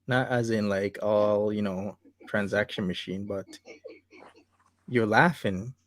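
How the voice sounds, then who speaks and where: A man's voice: lowish voice, steady tone, slow, no echo. A man hosting a live online commentary show, asking his guests loose, easygoing questions in casual chat.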